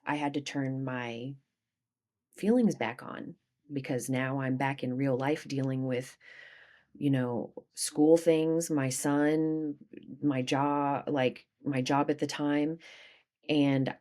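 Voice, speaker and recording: A woman with a low-pitched voice tells a candid personal story as a podcast guest. She talks animatedly, sinking quiet and then bursting out loud. She sounds like a young adult. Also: fairly even intonation, takes it slowly.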